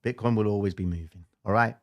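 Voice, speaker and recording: A man's voice: lowish voice, fast. A man hosting a trading livestream, talking casually and emphatically to his viewers with slangy asides.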